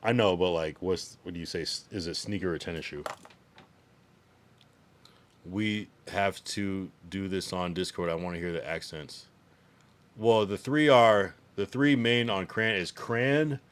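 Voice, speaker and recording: A man with a low, deep voice, talking loosely to his chat on a livestream. He reads viewers' messages aloud and riffs on them with slang and casual swearing. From United States.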